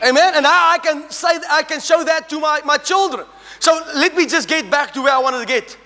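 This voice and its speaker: High bright-voiced preacher in a reverberant hall. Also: male voice, fairly quick. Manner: animated, humorous, shouting at peaks, call-and-response. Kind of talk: sermon. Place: church hall.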